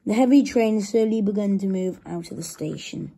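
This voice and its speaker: A woman reading a children's story aloud in a slow, gentle storybook manner. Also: mid-range voice, expressive, creaky, husky.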